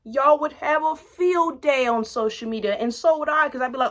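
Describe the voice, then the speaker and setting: Blunt, animated young woman ranting. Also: moderate pace. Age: 20s. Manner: animated, blunt, profane, swings between loud outbursts and low asides. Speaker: vlogger commenting on reality TV. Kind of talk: casual rant to camera.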